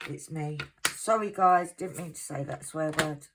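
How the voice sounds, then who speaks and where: A middle-aged woman from England chatting casually to her viewers at home, self-mocking and quick to laugh. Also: low-pitched, noisy background. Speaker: craft vlogger.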